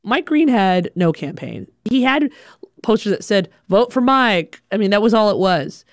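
A young woman from Alabama telling a funny personal story in an animated, conversational, self-deprecating way. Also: mid-range voice, moderate pace, dry recording, studio quality. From Alabama, USA. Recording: music playing underneath.

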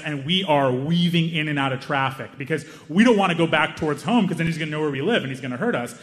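A young man telling a long comic story on stage, self-mocking and animated, with quick asides. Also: a little high, big-room sound. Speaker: stand-up comedian. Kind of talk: stand-up storytelling.

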